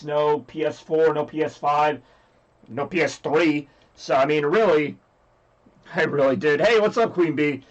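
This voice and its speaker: A man's voice: fairly high pitch, dull audio. A man with a scratchy voice hosting a livestream, rambling casually and joking with chat. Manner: rambly, jokey, reads chat aloud. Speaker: livestream host.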